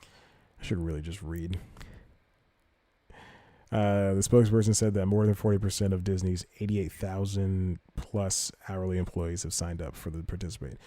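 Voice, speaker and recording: A man's voice: low-pitched, steady tone, normal speed, warm tone, dry recording. A man hosting a comedy podcast, rambling through news stories in a casual way, correcting himself often and reading articles aloud. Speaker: podcast host.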